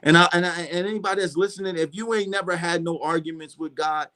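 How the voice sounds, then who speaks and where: Animated storytelling man, bold delivery. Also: sits high, fast. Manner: animated storytelling, acts out quoted dialogue. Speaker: gospel singer and interview guest. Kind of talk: casual radio interview.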